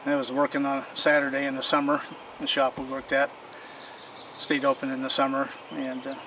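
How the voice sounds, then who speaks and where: A man's voice: mid-range voice, monotone, normal speed. A man casually showing off his old bicycles and telling stories in a rambling, folksy way, recorded outdoors. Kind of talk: casual show-and-tell storytelling. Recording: distant mic with clear outdoor noise.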